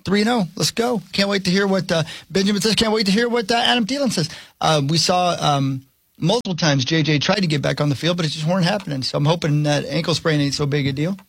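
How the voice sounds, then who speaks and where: A man with a gravelly, husky voice sits a touch higher than most men. He talks sports in a loose, folksy, rambling way. The sound is close and dry, with no room around it. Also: fast talker, dry recording. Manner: folksy, rambling, plain-spoken. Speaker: sports talk show host. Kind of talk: casual sports chat.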